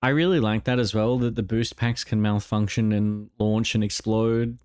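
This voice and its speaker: A man with an Australian accent, excitedly breaking down a game trailer and rambling with lots of "like". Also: fairly low pitch, normal speed, smooth, dry recording, studio quality. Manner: enthusiastic, rambling, fond of "like". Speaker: gaming video host.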